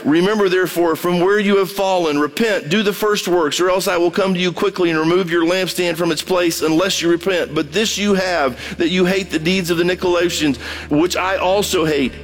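A male preacher delivering a radio sermon in a high, tenor-like voice. He pleads with urgency, climbing even higher at his peaks, then drops low to drive a point home. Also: brisk. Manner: impassioned, swinging between high urgent pleading and low emphatic asides.

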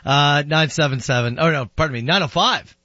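A slightly high male voice in relaxed, joking morning-radio banter. The sound is a bit dull, like a lo-fi broadcast. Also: brisk, no echo. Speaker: radio morning show host. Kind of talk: casual radio chat.

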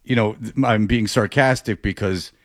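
A man's voice: fairly low pitch, moderate pace, dry recording. A male sports radio host in casual studio talk, rambling and sarcastic, often restarting his sentences.

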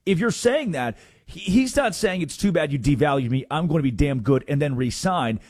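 A man hosting a sports talk radio show, animated and quick to jump in, often repeating himself. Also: on the high side, no room sound, studio quality.

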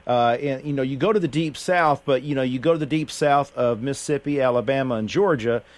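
Radio host, man, unhurried folksy delivery, mid pitch, radio broadcast sound. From Appalachian Kentucky. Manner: unhurried, folksy, many fillers and restarts. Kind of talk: casual radio chat.

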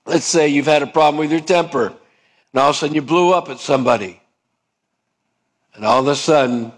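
A man preaching a sermon, asking his listeners questions and dropping low and soft on key points. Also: a little fast, long pauses. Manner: acts out both sides of dialogues, rising pitch for the stubborn voice. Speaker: pastor.

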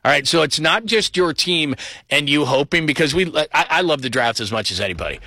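A man giving an enthusiastic solo sports commentary, rattling off players and stats with animated emphasis. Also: no echo, clean studio sound. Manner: fast, enthusiastic rundown of names and stats; animated, pitch rises on key points.

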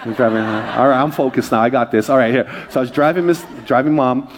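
A middle-aged male pastor from Hawaii, preaching a lively sermon full of jokes and calls to the congregation. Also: medium pitch, fast. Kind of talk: sermon with humorous stories.

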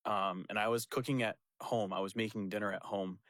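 With a fairly low pitch and a brisk pace, the young pastor animatedly acts out quotes and laughs as he tells his story in casual conversation. There is no echo.

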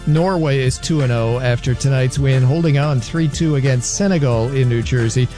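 A man reading the sports update on a radio show, brisk as he runs through scores. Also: medium pitch, dark tone, faint music behind. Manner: brisk, reads scores and ad copy.

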